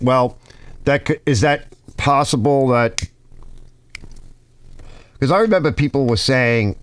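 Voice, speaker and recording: A man with a New York accent, hosting his own channel, rambling casually to viewers and often restarting his sentences. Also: fairly low pitch. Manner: rambling, restarts sentences, reads comments aloud. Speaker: YouTube channel host.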